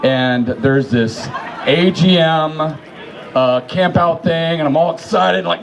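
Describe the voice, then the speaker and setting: A man giving a casual memorial tribute, telling a story in an animated, profane way and shouting the quotes. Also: a little high, takes it slowly, gravelly, dull audio, some chatter behind.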